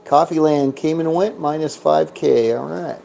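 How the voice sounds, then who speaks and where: A man talks his way through a craps game in easy, joking commentary, tallying chips and bets aloud. His delivery is slow and unhurried, and his tone is mellow. A faint hiss of noise sits under the voice. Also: a little high, creaky. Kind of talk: casual gameplay commentary.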